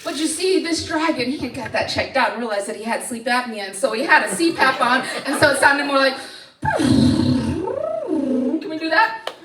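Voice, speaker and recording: A woman storyteller telling a tale live to an audience, animated and playful, heard in a hall from a distant mic. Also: sits high, fast, hardly any pauses, noisy background.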